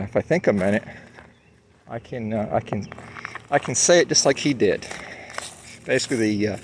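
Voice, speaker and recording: A man's voice: fairly low pitch, slight background noise. A man talks to his viewers while out on a hike, rambling casually with many fillers and restarts. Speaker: vlogger. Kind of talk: casual walking monologue. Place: outdoors on a hike.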